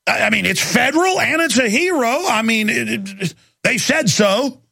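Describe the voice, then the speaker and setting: A man's voice: extremely high pitch, animated, normal speed, gravelly, sharp tone, husky, no room sound, clean studio sound. A male talk show host delivering an angry, sarcastic ranting monologue.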